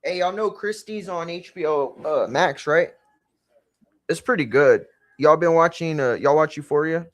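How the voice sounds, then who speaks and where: A man's voice: a little high, moderate pace, no room sound. A young man casually reacting to wrestling in a slangy, profane, blunt way.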